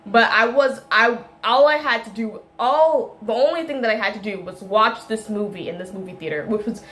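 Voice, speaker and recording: A woman's voice: on the high side, moderate pace, a bit bright. A woman reviewing a film in a casual, rambling monologue, full of tangents, fillers and self-corrections, laughing often. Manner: laughs often while talking.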